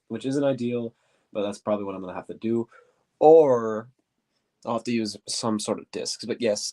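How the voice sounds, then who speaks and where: A deep-voiced man with a stuffy nose chats casually on a livestream, answering questions while he works. He rambles, pauses to search for words and keeps saying quote-unquote. His pitch sits fairly low. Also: warm tone. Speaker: streamer answering viewer questions.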